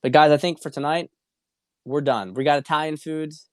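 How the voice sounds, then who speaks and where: On a casual livestream, a male show host works through viewer questions bluntly and sometimes profanely, often repeating his points and restarting. His smooth, resonant voice sits at a middling pitch with fairly even intonation and a normal speed. The sound is dry and close, with almost no room behind it and no echo.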